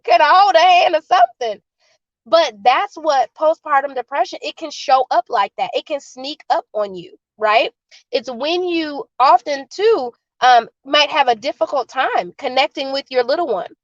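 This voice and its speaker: A woman guest on an interview, explaining birth and postpartum support earnestly and calmly with examples, over dull video call audio. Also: high voice, measured pace, no room sound.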